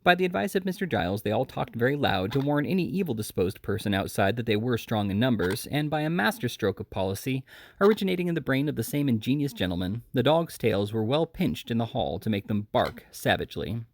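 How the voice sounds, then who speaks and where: A man reading a classic novel aloud as an audiobook, lively and expressive, with small slips and restarts. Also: medium pitch, brisk. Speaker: audiobook reader.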